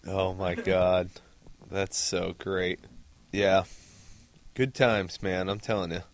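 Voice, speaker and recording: A man's voice: sits low, flat delivery, slow. A former Marine co-hosting a podcast, laughing often as he fondly reminisces in casual chat.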